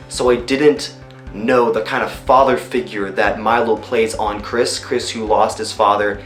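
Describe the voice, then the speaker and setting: A man who works as a voice actor chats loosely about his roles in a behind-the-scenes interview, often pausing on ums and you-knows. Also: on the low side. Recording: roomy room echo. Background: faint music.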